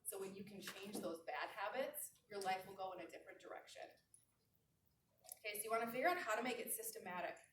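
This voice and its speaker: A woman in her thirties giving an animated motivational sales talk to a live audience, slowly repeating her key phrases. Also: mid-range voice, noisy background. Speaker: sales trainer. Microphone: handheld mic held away from mouth. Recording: roomy, distant handheld mic.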